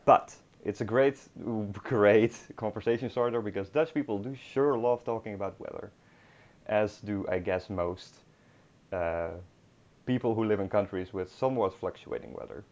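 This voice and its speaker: A man's voice: fairly low pitch, moderate pace, a little mellow. A young man teaching a beginner language lesson online, hesitant with many ums and restarts, with dry humor. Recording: dull lo-fi recording.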